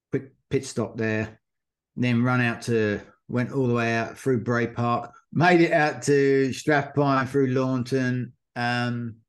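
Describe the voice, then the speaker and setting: Brief: podcast host, rambling, casual storyteller, average pitch. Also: male voice. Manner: rambling storyteller with many fillers. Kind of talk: casual chat.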